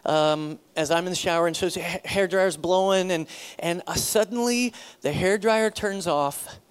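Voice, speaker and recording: A middle-aged man, a pastor, telling a personal story in a sermon, acting out the dialogue with sudden loud bursts. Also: sits high, normal speed, smooth.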